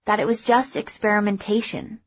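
A woman's voice: medium pitch, animated, normal speed, muffled recording. A woman reading the lines of a teenage girl who talks like an adult, reassuring a friend. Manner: reassuring, grown-up.

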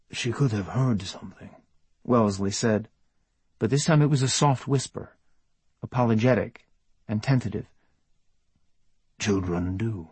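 A man narrates an audiobook in a measured, even storytelling voice. His tone is mid-pitched and husky. The recording is close and dry. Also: no echo.

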